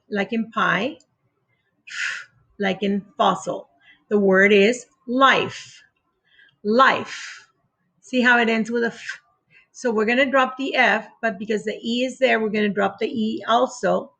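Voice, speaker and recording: A woman leads a children's phonics lesson at an unhurried pace, sounding out each word one letter at a time. Her voice carries a gravelly fry with a husky edge, and she patiently repeats every rule. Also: mid-range voice, fairly bright tone. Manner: spells words sound by sound with clear pauses. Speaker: teacher. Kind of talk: slow, deliberate phonics lesson for young children.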